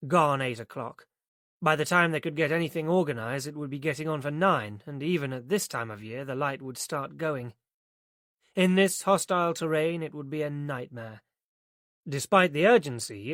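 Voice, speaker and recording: A man narrates a crime thriller audiobook at a steady pace. His voice sits a little on the high side, and the studio sound is close and dry with no room echo. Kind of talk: scripted narration.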